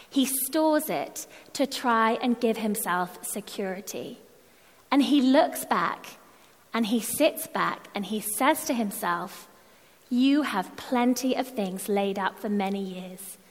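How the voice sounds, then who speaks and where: A woman with a posh English accent preaching a sermon in a measured, conversational way. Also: fairly high pitch. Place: church. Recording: long reverb of a church hall.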